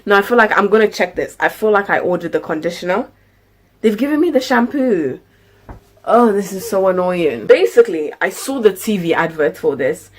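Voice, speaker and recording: A young British woman vlogs from home as a lifestyle creator, rambling through a casual grocery haul chat packed with fillers. Her medium-pitched voice moves at a normal speed with lively intonation.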